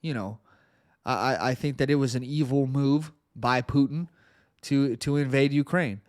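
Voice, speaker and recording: A man's voice: mid-range voice, moderate pace, a little mellow, no echo, clean studio sound. A male podcast host giving earnest political commentary, often repeating words as he presses a point.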